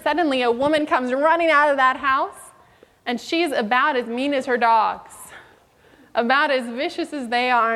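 A woman with a high voice preaches a sermon and tells a story, acting out the people in it. Her voice rings with a long reverb in a big hall. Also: fairly bright tone. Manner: storytelling, acts out quoted voices.

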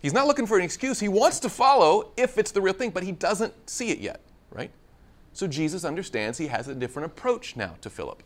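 A man's voice: high voice, brisk. A man preaching a conversational sermon, acting out scripture dialogue with playful humor. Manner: conversational, animated, acts out biblical dialogue with humor.

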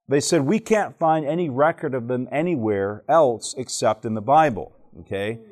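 A man's voice: mid-range voice, expressive, normal speed, a little mellow. A man from Alabama, giving a church teaching talk to a live audience. He tells jokey stories and keeps quizzing the listeners. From Alabama, southern United States. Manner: joking storyteller who quizzes the audience.

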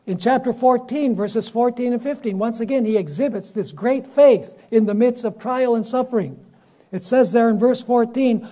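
A man preaching a sermon and reading scripture aloud, with dramatic swings between loud and soft. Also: very high-pitched, normal speed.

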